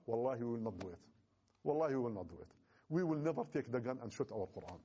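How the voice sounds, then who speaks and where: A man's voice: a little high, vocal fry, dark tone, lo-fi sound. A man, not a native English speaker, giving an impassioned address to Muslim youth, emphatic and repeating his phrases.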